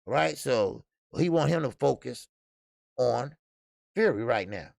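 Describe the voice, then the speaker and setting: A man's voice: mid-range voice, expressive, slow pace, vocal fry, darkish tone, no echo, studio quality. A man hosting a casual boxing live stream, blunt and profane, laughing often and greeting chat viewers. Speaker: boxing show host.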